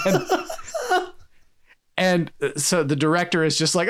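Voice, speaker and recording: A man co-hosting a podcast, telling a story in a lively way and laughing often. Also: mid-range voice, normal speed, dry recording, clean studio sound. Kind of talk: casual chat.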